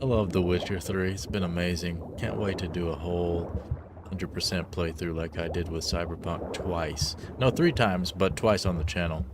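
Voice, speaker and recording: A man's voice: low-pitched, steady tone, noisy background. A man streaming a video game live, commenting in a casual, joking way. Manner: casual, joking, slow-talking. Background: game music.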